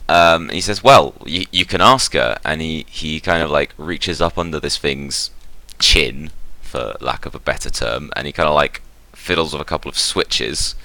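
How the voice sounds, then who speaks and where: A man's voice: a bass voice, fairly even intonation, moderate pace, hardly any pauses, sharp tone, no echo. A man narrating a tabletop game as game master in a casual, rambling way with fillers.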